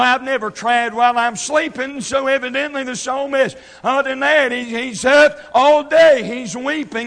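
A man preaching an impassioned sermon, swinging from shouted scripture to quiet asides. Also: very high voice, vocal fry. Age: 30s.

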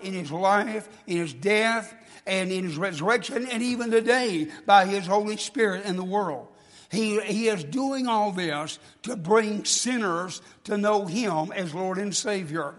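A man's voice: high voice, fairly bright tone. A man preaching a sermon in a church, folksy, stumbling and restarting, congested from a cold. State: congested, coughing. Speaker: guest preacher. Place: church sanctuary. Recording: long church reverb.

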